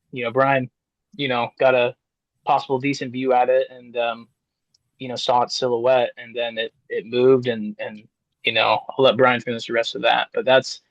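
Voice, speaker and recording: A man's voice: medium pitch, no room sound. Hesitant man telling a field story. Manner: hesitant, full of fillers. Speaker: podcast guest, cryptid investigator. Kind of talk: casual storytelling. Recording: dull, dry, lo-fi sound.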